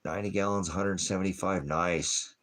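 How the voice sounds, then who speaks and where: A man's voice: deep voice, steady tone, moderate pace, fairly bright tone. A man rambling casually on a livestream, talking to his viewers and his dog about fish tanks. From lived in Alaska. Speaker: livestream host.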